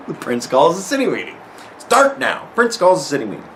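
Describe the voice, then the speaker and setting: A man hosting a podcast, telling a story casually in a profane, animated way and acting out other people's lines. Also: on the high side, fast, slight background noise, rough recording. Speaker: podcast host.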